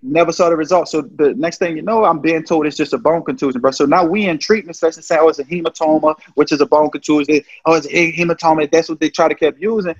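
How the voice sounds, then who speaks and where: A man's voice: a little high, fairly even intonation, quick pace, few pauses, slightly rough, dry recording. A man telling a story in casual, emphatic talk full of profane slang and restarts. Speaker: guest. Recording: slightly dull lo-fi sound.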